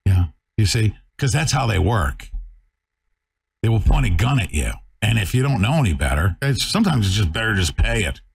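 Brief: male talk host, low husky voice, combative rant. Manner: fiery, combative, swings between shouting and muttering. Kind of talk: bombastic talk radio rant.

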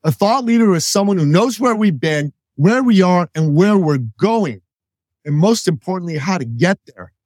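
A man's voice: high voice, lively intonation, moderate pace, darkish tone, no room sound, studio quality. A man who is an author, a guest on a business podcast, explaining ideas in a confident, upbeat coaching manner. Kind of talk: interview answer, explaining concepts.

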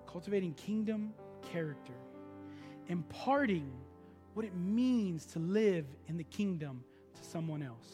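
A man's voice: sits high, unhurried, in a large hall, soft background music. A man preaching a sermon as pastor, telling stories in a loose, conversational way. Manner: conversational storytelling preaching, animated.

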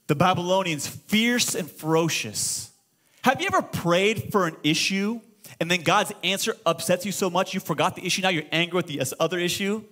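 A middle-aged man preaching a sermon as pastor, impassioned and conversational, at times shouting. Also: high-pitched. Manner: impassioned preaching, swings to shouting when quoting prayers.

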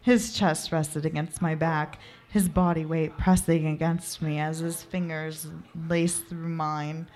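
A woman narrating an amateur erotic story in a soft, unhurried reading voice. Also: low voice, little pitch movement. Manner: soft, unhurried reading with occasional laughs at slips.

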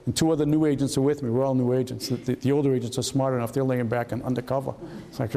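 A man's voice: medium pitch, fairly even intonation, fast, mellow. Older man telling stories in an echoey hall. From Massachusetts. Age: 70s. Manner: conversational, repeats words, acts out dialogue. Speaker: retired FBI agent giving a talk. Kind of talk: storytelling lecture with slides.

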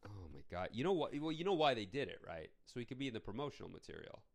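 A man's voice: mid-range voice, sing-song, quick pace. A man co-hosting a casual movie review podcast, ranting sarcastically and swearing. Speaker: podcast co-host.

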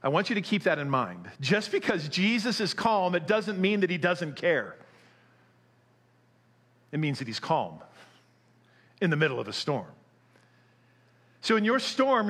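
A middle-aged man preaching a sermon, telling a story with animation before turning quiet and earnest. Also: sits high, husky. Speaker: pastor.

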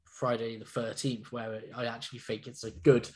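A man's voice: medium pitch, level tone, moderate pace. A man casually recapping a film, hedging with lots of fillers. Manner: hedging, easygoing, many fillers. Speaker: podcast co-host.

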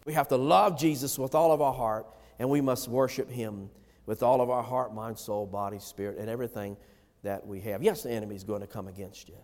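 A man delivers a sermon in a high voice, rising to loud emphatic calls and then sinking to low, hushed lines. A long reverb trails after his words. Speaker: preacher.

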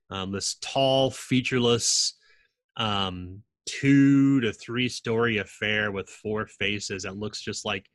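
A man narrates as game master of a tabletop game. His voice sits a little low, and it is recorded dry and close. He builds each scene slowly, with plenty of ums and restarts. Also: bright, forceful tone, no room sound. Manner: descriptive, halting with many fillers.

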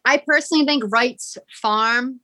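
A woman's voice: sits high, unhurried, pushed and bright, no room sound. A woman with a Rhode Island accent, chatting casually as a podcast guest with lots of "like" and rambling asides. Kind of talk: casual interview chat.

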